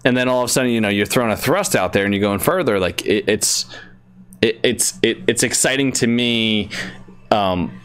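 Rambling lower-voiced man on a podcast. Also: moderate pace, fairly bright tone, smooth. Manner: rambling with many restarts, laughs easily. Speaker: podcast co-host. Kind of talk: casual gaming podcast chat. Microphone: desk microphone.

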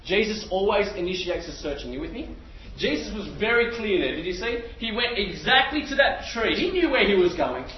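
A man with a high voice preaches to a crowded hall, telling the story with animation and asking the room questions. The sound is distant and echoey, dulled, with a faint hiss behind. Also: big pitch swings, a little fast, highs cut off. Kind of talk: sermon. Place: large hall with an audience.

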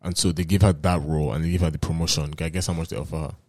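A man's voice: rumbling low, fairly even intonation, rapid-fire, no room sound. A man hosting a casual podcast, laid-back, swearing freely and using slang. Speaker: podcast host. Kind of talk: casual chat.

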